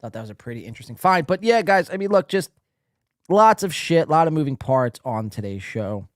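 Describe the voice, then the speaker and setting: A male podcast host with a lively, swooping voice that rides up and down. He talks in a crude, mocking, profane way, and he is recorded dry and close. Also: on the high side, a little fast, no room sound. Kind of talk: crude casual commentary.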